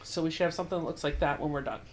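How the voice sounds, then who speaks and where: A woman's voice: sits low, steady tone, rapid-fire. A young adult woman hosting a casual home sewing tutorial, chatty and self-deprecating as she walks through each step. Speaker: quilting channel host.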